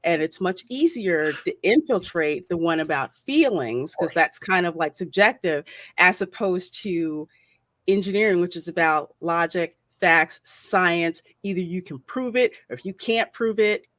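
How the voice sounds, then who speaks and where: A woman with a fairly low voice hosts a casual live-stream chat. She talks loosely, greets viewers and reads their comments aloud. The sound is close and dry. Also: animated, a little slow, fairly bright tone, no echo.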